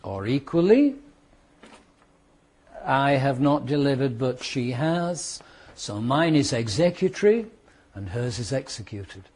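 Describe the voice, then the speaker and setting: A British man teaching a law class to students, explaining with worked examples and repeating key points, sometimes speeding up and sometimes slowing down for emphasis. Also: medium pitch, animated, a little mellow, slightly rough. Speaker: law lecturer. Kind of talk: classroom lecture.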